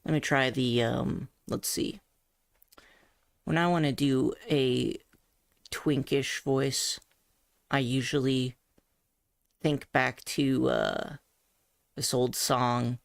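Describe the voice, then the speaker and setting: Brief: slow-talking vlogger, gravelly, thoughtful and self-critical, close and dry. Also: medium pitch, steady tone, no echo. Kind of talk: casual voice training vlog.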